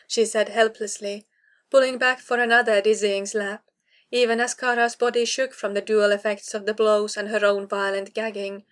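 A woman's voice: mid-range voice, little pitch movement, moderate pace. A woman narrating a fantasy novel aloud, reading a tense scene with dramatic weight. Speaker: audiobook narrator.

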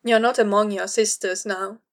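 A gentle, patient young man, as a woman reads him in her own voice, speaking softly and calmly. It is a storybook reading at a middling pitch for a woman. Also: moderate pace, natural voice. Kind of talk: audiobook reading of fan fiction.

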